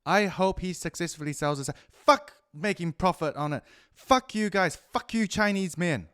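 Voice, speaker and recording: A man with a New Zealand accent ranting profanely through a rambling solo monologue, swinging between loud outbursts and muttered asides. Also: sits high, moderate pace, clear, resonant tone, no echo, clean studio sound. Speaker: podcast host.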